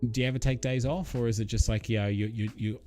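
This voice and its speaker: A man's voice: mid-range voice, steady tone, fast, warm tone, soft background music. A man hosting a casual live stream, rambling and chatty as he reads out viewer comments, with many ums and uhs. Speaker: livestream host.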